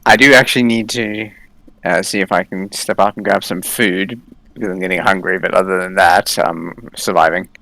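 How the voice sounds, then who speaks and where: A deep-voiced man chimes in on a live stream with dry, low-key remarks. His delivery stays flat and unhurried, with halting fillers between phrases. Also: rough recording. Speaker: stream guest.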